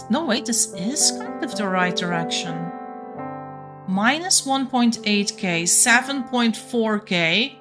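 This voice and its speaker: A woman's voice: on the high side, lively intonation, slow pace, over music. Young Flemish woman streaming a game. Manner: chatty, thinks aloud, restarts sentences. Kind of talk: casual live-stream chat while playing.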